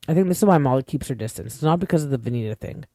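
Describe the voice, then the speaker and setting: A man's voice: mid-range voice, animated, very fast, warm tone, no echo, studio quality. Chatty opinionated man recapping reality TV. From Canada. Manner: chatty, opinionated, many filler words. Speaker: podcast host.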